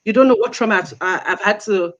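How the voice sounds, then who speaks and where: A woman from Nigeria, speaking as a guest on a live stream. She tells personal stories earnestly and stresses her points by repeating them, in a voice of middling pitch. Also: fast, fairly bright tone, dull audio.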